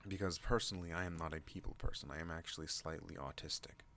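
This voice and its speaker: A man hosting an ASMR channel, talking in a slow rambling way and drifting off on tangents. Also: gravelly, a little hiss or hum. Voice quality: deep relaxed voice. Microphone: non-binaural desk microphone.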